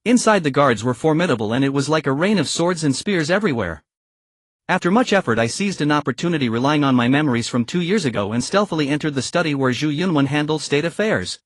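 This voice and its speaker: A man reading a first-person martial arts story as an audiobook narrator, in an even storytelling manner. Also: fairly high pitch, fast, no echo.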